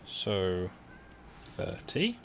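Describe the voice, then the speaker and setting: A man's voice: low-pitched, wildly swooping pitch, extremely slow, gravelly, fairly bright tone, slight background noise. A man talking himself through a computer drawing in a casual, muttering way, with keyboard typing behind. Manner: muttering to himself, self-deprecating. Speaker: hobby modeller streaming CAD work. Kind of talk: casual talk-through while working.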